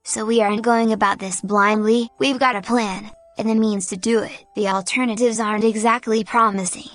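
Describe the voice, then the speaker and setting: A woman voicing a cocky, joking female adventurer with a muffled rasp, speaking in a breezy, teasing way. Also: a little high, steady tone, normal speed, fairly bright tone, faint music behind, natural voice.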